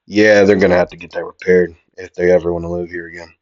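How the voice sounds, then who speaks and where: A man's voice: deep voice, level tone, fast, darkish tone. A young man casually narrating an improvised what-if anime story, rambling and playful, making his own sound effects. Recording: dull lo-fi home mic.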